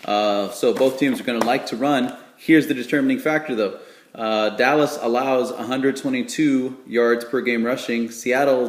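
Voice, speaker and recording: Man rambling through sports picks, echoey. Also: mid-range voice. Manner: rambling, joking, many fillers. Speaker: sports vlogger making game picks. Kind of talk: casual chat. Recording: echoey room.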